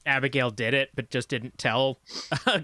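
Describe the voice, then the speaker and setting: A man's voice: mid-range voice, steady tone, normal speed, pushed and bright, dry recording. An easygoing man playing a tabletop role-playing game with friends. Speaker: player.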